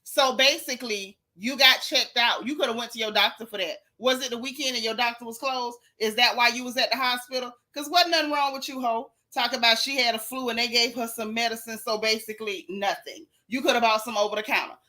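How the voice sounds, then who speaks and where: Sassy lady dishing on reality tv, bright kinda high voice. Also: brisk, hardly any pauses. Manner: sassy, animated, reads chat aloud. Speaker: show recap host. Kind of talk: casual gossip commentary.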